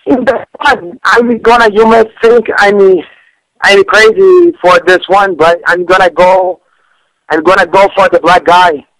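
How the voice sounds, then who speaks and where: A man, chatting on a comedic radio show in broken English, with lots of stammered restarts and sudden jumps in pitch. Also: steady tone, unhurried, a bit bright, no room sound, poor audio. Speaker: fight picks guest. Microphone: studio radio mic.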